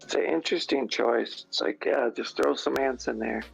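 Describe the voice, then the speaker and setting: A man's voice: medium pitch, normal speed, gravelly, slightly rough, faint music behind. A man co-hosting a podcast, chatting casually in a laid-back, agreeable way. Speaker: podcast co-host. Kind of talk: casual chat. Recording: dull, muffled sound.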